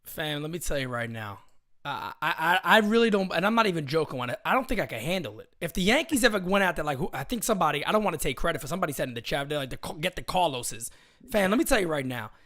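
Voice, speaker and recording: Excitable man with a lively bright voice. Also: fairly high pitch, fast talker. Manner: excitable, laughing, animated storyteller. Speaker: guest co-host. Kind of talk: casual sports podcast chat.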